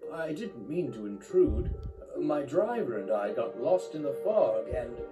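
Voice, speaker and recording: A courteous young diesel engine, eager and polite, with his voice lifted well above the man acting him out, in a narrator's put-on voice. The storybook reading has loud music underneath. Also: mid-range voice, very animated, unhurried, pitched above the performer's own voice. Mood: polite, surprised. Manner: courteous, eager, a little stuttering.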